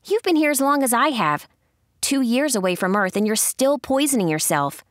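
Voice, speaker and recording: A woman's voice: on the high side, expressive, normal speed, no echo, voice pushed up, lightly acted. A playful young woman student, teasing and bubbly, as a woman narrator puts her on. The read is dry and close, like a studio audiobook.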